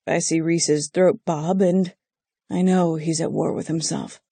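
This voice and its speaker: An audiobook narrator giving an intimate, measured first-person romance reading on a close studio mic. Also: medium pitch, flat delivery, vocal fry, warm tone, slightly rough, no echo.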